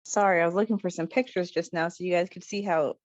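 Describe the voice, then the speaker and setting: Hesitant low-voiced woman on a dull line. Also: fairly even intonation, fast, no room sound. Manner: soft-spoken, hesitant, many fillers. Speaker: guest. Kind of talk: casual chat.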